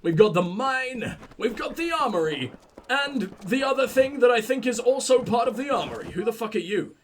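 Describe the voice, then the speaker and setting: A man's voice: very high-pitched, expressive, normal speed, slight background noise. A man hosting a let's play, giving casual gameplay commentary full of profanity and mocking jokes.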